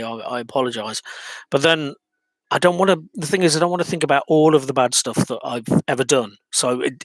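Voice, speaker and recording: A man's voice: mid-range voice, fairly bright tone, no room sound. A man talking alone about his own life, hesitant and reflective, full of ums and restarts. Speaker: vlogger. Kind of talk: personal monologue.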